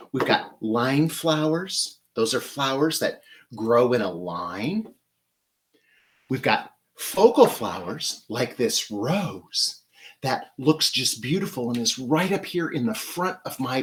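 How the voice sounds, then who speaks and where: A man's voice: on the high side, slight background noise. A man hosting a flower-arranging demonstration in his home flower studio, talking in an upbeat, enthusiastic teaching manner. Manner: upbeat, enthusiastic instructional talk. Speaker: florist host.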